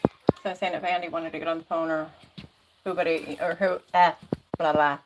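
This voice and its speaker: A woman's voice: low-pitched, flat delivery, a little fast, slight background noise, low-quality recording. A woman hosting a casual livestream, chatty and rambling, laughing often, talking into a phone or laptop mic. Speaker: livestream host.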